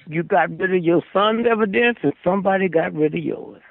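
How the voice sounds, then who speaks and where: Older man, gravelly voice, slightly high for a man, preachy rambling talk, keeps prodding "hmm?", tinny phone-line sound, dry. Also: a little fast, no room sound. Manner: preachy, asks "Hmm?" for agreement. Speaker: guest. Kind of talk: rambling storytelling monologue. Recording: phone-line radio call.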